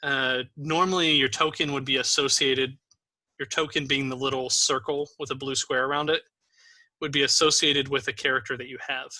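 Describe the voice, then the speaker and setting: Bright-voiced man running a tabletop game. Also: medium pitch, level tone, normal speed, no echo. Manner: patient, encouraging, with frequent ums. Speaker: game master. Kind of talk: explaining a tabletop game to new players.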